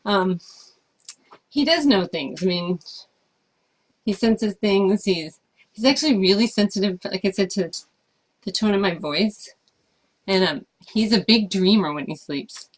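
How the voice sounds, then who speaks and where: A woman's voice: mid-range voice, animated, a little slow, pauses often. A woman chatting casually as she answers viewer questions about life with her service dog, thoughtful and hesitant, with frequent fillers. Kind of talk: casual Q&A chat.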